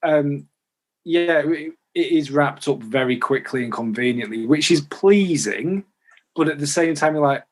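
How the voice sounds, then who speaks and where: A man talking on a casual podcast, halting and thinking aloud with many restarts. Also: on the high side, lively intonation. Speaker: podcast guest. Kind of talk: casual chat.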